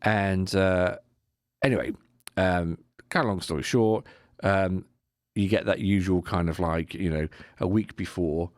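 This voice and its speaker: A man telling a lively anecdote on a podcast, slipping into mimicked voices and laughing as he goes. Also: low-pitched, unhurried, no echo, clean studio sound. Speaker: podcast co-host. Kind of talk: casual storytelling chat.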